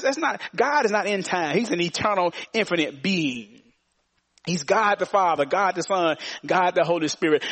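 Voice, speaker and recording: Preacher guy, kinda high voice, animated, repeats himself, asks the crowd stuff. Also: dry recording. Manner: animated, call-and-response, repeats phrases, pitch leaps when stressing. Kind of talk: sermon.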